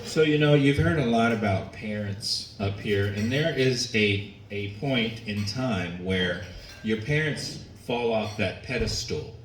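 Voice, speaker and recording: At a comedy venue with a live audience, a stand-up comedian tells stories slowly and deliberately, waiting out the crowd's laughter. His voice is fairly low. The noisy recording was made from a distance in an echoey room, with audience laughter and room ambience in the background.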